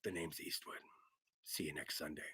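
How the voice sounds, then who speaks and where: A man putting on a menacing, low rough whisper as a tough-guy movie cowboy. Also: fairly even intonation, moderate pace, sharp tone, exaggerated voice.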